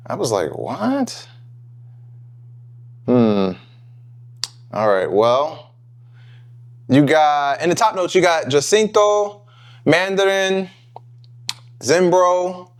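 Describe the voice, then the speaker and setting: A man hosting a casual review vlog, chatting off the cuff. His voice sits a little higher than most men's, and he thinks out loud, trailing into fillers and correcting himself as he goes. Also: animated, slow pace, pauses often. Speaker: fragrance reviewer, channel host.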